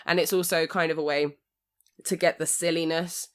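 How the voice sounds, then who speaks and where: Woman, low voice, animated laughing storyteller, casual podcast co-host. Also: moderate pace. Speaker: occasional co-host.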